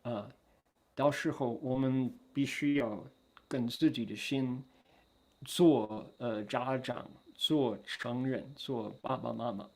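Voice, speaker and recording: Slow, gravelly-voiced monk giving a sutra talk. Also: male voice, mid-range voice, steady tone, darkish tone. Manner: translates himself between English and Chinese; asks the audience questions. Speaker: Buddhist monk lecturer.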